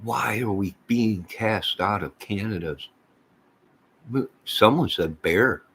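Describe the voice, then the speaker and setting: A man's voice: fairly low pitch, slow, fairly bright tone, slight background noise. An American man rambling casually as he chats with livestream viewers, reading their comments aloud and trailing off mid-thought. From United States. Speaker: livestream host chatting with viewers.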